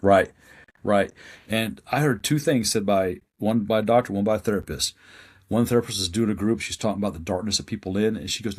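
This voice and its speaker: Husky, emphatic man telling a story. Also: on the low side, fairly quick, a little mellow. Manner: emphatic, blunt convictions, acts out quoted voices. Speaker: guest working in a psychiatric hospital. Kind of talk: conversational storytelling.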